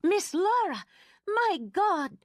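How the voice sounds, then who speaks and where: A woman voicing a fierce, protective older housekeeper who talks in indignant, excitable outbursts. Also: mid-range voice, moderate pace, dry recording, clean studio sound, voice pushed up, lightly acted. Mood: outraged.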